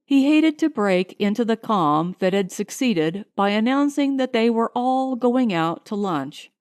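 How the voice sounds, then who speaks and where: A woman narrating an audiobook in a measured, expressive storytelling manner, recorded at home. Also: a little high, no room sound. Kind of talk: scripted narration.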